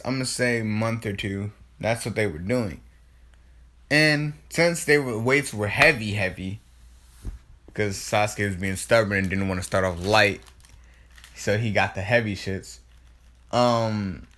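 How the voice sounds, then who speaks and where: Low-voiced guy telling a fan story off the cuff, loose and rambly. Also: fairly bright tone. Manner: rambling, many restarts, casual swearing. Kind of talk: improvised fan-fiction retelling.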